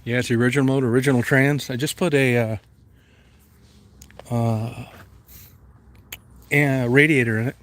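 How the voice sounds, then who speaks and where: Standing outside next to an old van, a middle-aged man vlogs in a casual, folksy way, talking plainly and cursing now and then. He speaks at a normal pace in a mid-range voice with fairly even intonation and long pauses. Engine and vehicle noise fills the background of the noisy recording.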